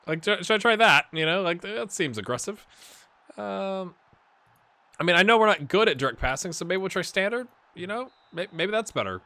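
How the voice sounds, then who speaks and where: A man hosting a gaming channel, casually commenting while he plays, chatty and rambling, with laughs and sudden excited outbursts. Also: sits high, normal speed, dry recording. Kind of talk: casual commentary while playing a football management game.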